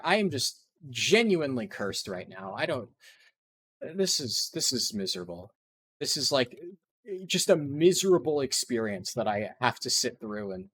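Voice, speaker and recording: A man gives ranting commentary over his speedrun gameplay, swearing constantly and sounding exasperated. His pitch moves a lot, and his voice sits at a middle pitch for a man. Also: a bit bright. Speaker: speedrunner and video creator.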